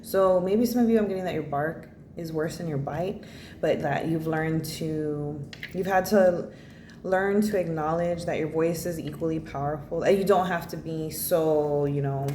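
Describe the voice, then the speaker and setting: Woman doing a tarot reading, swears a lot, mellow voice, faint hiss behind. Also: low voice, moderate pace. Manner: blunt, swears freely, rambling with many fillers. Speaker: tarot reader. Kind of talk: casual spoken tarot reading. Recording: echoey room with faint noise.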